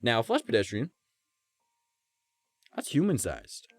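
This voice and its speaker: A man streaming live, telling a story in a loose, profane, animated way and keeping the listener with him through repeated "right?" asides. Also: mid-range voice, a little slow, no echo, soft background music.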